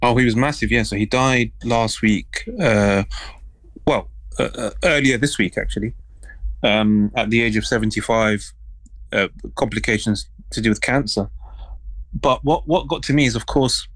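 A man telling stories as a guest on a panel chat, animated and warm with his anecdotes, with a fair number of "uh" fillers. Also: medium pitch, moderate pace, no room sound, low-quality recording. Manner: animated storyteller, lots of fillers.

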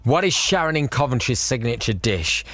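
A man's voice: mid-range voice, sing-song, normal speed, fairly bright tone, no echo. A man hosting a radio phone-in, chatty, teasing and upbeat. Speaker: radio show host. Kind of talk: lively radio phone-in chat. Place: radio studio.

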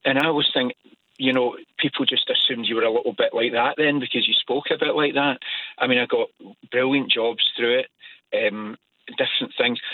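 A man's voice: mid-range voice, dry recording. Scottish man telling stories down a phone line. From Scotland. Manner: chatty, animated anecdotes, repeats himself. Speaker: caller. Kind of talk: casual chat, storytelling.

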